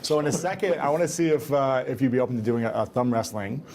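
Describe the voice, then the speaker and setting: Host: young man, mid-pitched, earnest and affirming, faint background noise. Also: fairly even intonation, fast. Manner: earnest, frequent back-channel agreement. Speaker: interviewer, host. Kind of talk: casual interview talk.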